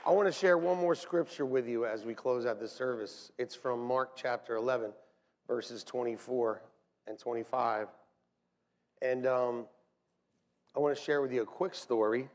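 A middle-aged man, a pastor, preaching a lively, joking sermon to his church. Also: medium pitch, normal speed. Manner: animated, joking, shouts and laughs between points. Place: church sanctuary. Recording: long hall reverb.

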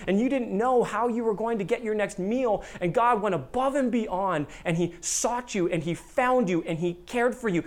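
A pastor preaching a sermon, who acts out quoted voices in a higher pitch and drops to a soft, low voice for earnest appeals.

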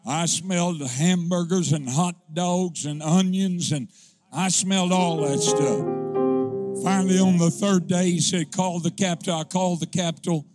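A man with a notably high voice preaches from the pulpit, spinning a homespun, humorous story. His telling swells into fervent, shouted praise. Faint music plays underneath. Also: a little slow. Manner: folksy, humorous testimony rising into fervent preaching. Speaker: pastor. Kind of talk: storytelling sermon.

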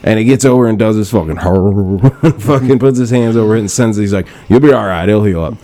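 With a warm, low-leaning voice and a brisk delivery, a young man hosts a laid-back podcast chat. He curses freely, laughs a lot, and dramatizes quotes while telling stories.

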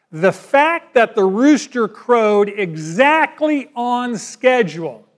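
Folksy preacher man, fairly high voice. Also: a bit bright. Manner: folksy, conversational preaching with acted asides. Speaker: pastor. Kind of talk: sermon.

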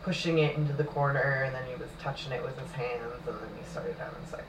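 A man's voice: mid-range voice, fast. A man talking in a laid-back way with many fillers during casual podcast banter. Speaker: podcast co-host. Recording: echoey room, distant mic, noise.

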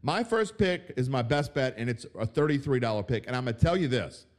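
A man hosting a sports betting podcast, ranting with mocking outbursts and dropping to low mutters. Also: animated, brisk. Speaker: podcast host. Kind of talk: opinionated sports betting talk.

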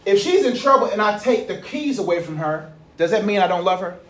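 A young man preaching a sermon in a conversational way, telling stories with slang and swinging between loud passages and low, quiet ones. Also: lively intonation, fairly quick. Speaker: pastor.

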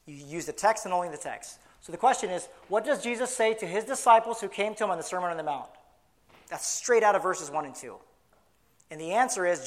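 A man preaching in church, earnest, often restarting, slowing down to stress key words. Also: fairly high pitch, fairly bright tone. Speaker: pastor. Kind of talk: sermon.

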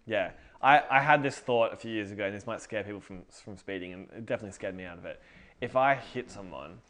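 A man's voice: fairly low pitch, fast talker, fairly bright tone. A man co-hosting a casual faith podcast, rambling and correcting himself as he tells stories. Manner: rambling, self-correcting, storytelling. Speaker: podcast co-host.

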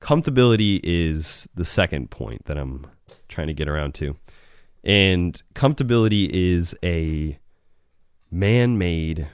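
A man's voice: low voice, clean tone, dry recording, clean studio sound. A man hosting a solo podcast, talking in a rambling, profane way and often correcting himself. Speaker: podcast host.

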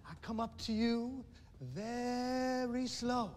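Sneaky union organizer, very high singing voice, slow, faint distant film clip. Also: male voice, fairly even intonation, darkish tone. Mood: sly.

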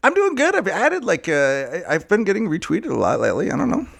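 Animated, swearing man telling a story. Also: high voice, fast talker, gravelly. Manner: profane, animated storytelling with frequent laughs. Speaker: podcast co-host. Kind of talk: casual comedic chat.

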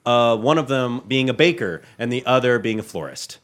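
A young man chatting casually on a podcast, animated and joking, swearing freely and laughing often. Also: mid-range voice, normal speed. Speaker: guest.

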